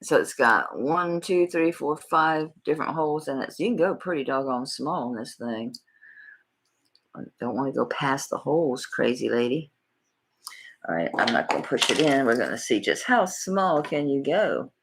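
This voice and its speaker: On a live stream, a middle-aged Southern woman auctions jewelry, chatting folksily with viewers by name. Her bass voice is slightly rough, with lively intonation and a moderate pace.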